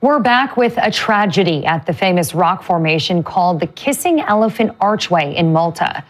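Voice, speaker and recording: A woman news anchor reading brief headline stories in a brisk way. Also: fairly low pitch, lively intonation.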